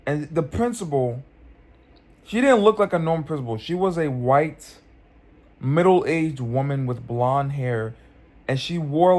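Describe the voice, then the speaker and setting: A man's voice: on the high side, a little mellow. Rambling young man recounting a dream. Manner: rambling, many restarts and fillers. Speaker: vlogger. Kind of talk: casual dream storytelling. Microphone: phone.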